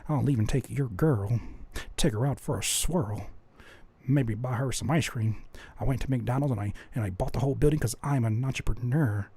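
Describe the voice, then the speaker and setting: A man putting on a timid male rapper who boasts in a flat, mumbling monotone. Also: mid-range voice, moderate pace, husky, dry recording, voice pushed down.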